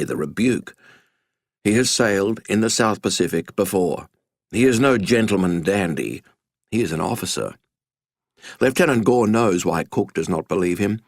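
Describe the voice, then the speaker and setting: A man's voice: deep voice, dry recording. A man narrating a scripted history story with a dramatic, wry storytelling manner, recorded in a studio.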